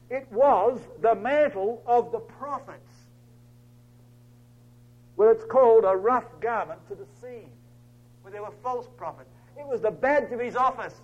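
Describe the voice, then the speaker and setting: A man preaching a dramatic storytelling sermon, swinging from loud declaiming to hushed near-whispers. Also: very high voice. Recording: dull lo-fi recording.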